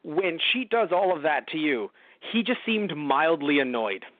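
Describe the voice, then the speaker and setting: Male podcast co-host, sarcastic rambler, slightly high voice, dry phone-like audio. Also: sing-song, measured pace, no echo. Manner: rambling, sarcastic, swears freely. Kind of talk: casual movie review chat.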